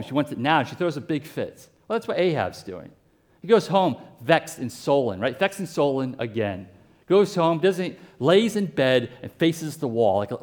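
A pastor preaching a sermon in a conversational way, with asides and everyday comparisons. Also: male voice, medium pitch, darkish tone.

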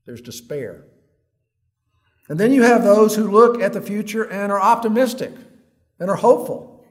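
A man preaching a sermon in an earnest way, reading long quotes aloud like a story and dropping low and quiet on heavy words. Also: expressive, moderate pace.

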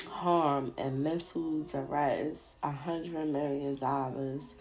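Give me a woman hosting a casual podcast, slow-paced with a gravelly edge, laughing a lot and talking to her listeners. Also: low voice, dark tone, low-quality recording. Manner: laughs often, talks to listeners as y'all. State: sore throat. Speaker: podcast host. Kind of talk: casual solo podcast commentary.

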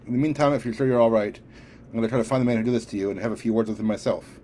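A man's voice: steady tone, very fast, warm tone, a little hiss or hum, lightly acted. A man voicing a determined young superheroine in an audiobook reading, talking firmly and scolding with a raised voice. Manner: firm, scolding, raised pitch.

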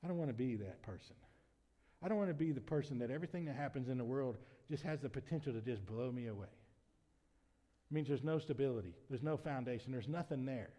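Preacher in an echoing church. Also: male voice, medium pitch, animated, fast talker. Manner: swings from quiet, conversational asides to loud, emphatic preaching. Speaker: pastor. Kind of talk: sermon. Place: church sanctuary. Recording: long reverb of a church hall.

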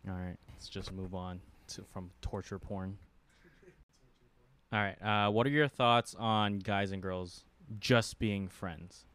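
A young man with a lowish, smooth voice chats loosely as a podcast co-host, rambling and breaking into laughs. The sound is dry and close. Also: fairly even intonation, slow pace, fairly bright tone, no room sound. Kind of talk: casual chat.

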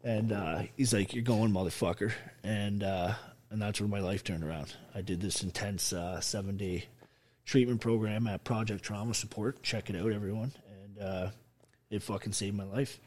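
A man's voice: on the low side, steady tone, moderate pace, a little mellow. An army veteran telling his story as an interview guest, blunt and full of swearing. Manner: blunt, heavily profane, emphatic.

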